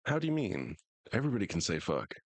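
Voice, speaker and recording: Sweary joking American man, lively voice. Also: on the low side, fast, no room sound. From United States. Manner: profane, joking banter. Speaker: streamer. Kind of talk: casual live gaming chat.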